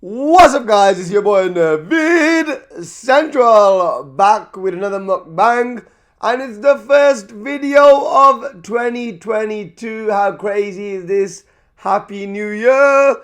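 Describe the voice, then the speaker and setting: A young man talking casually to camera as he eats at a table. He is lively and chatty, repeats himself, and goes quieter once he starts eating. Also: high voice, slow. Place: indoors at a table.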